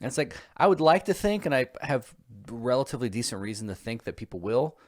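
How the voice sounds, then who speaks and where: A man co-hosting a podcast, talking in a loose, rambling way. He reflects out loud and often starts over mid-sentence. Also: mid-range voice, big pitch swings, fast talker. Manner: rambling, self-reflective, many fillers and restarts. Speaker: podcast co-host. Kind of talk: casual chat.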